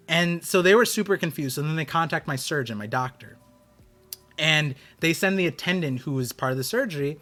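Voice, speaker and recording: A man's voice: on the high side, a little fast, bright, forceful tone. A man hosting a live stream, telling a rambling story in casual chat with many restarts. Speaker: streamer host.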